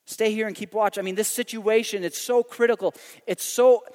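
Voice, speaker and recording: Preacher, male, high voice, dynamic emphatic delivery, big echoing sanctuary. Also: normal speed. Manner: animated, emphatic preaching with sudden loud climaxes and quiet drops. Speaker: pastor. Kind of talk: sermon.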